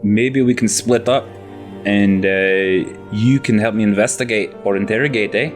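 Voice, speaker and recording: A man's voice: lowish voice, steady tone, moderate pace, faint music behind, close to an everyday voice. A man voicing a lean, wiry elven male guild hero in a put-on bad Scottish accent, brash and chummy. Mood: gruff.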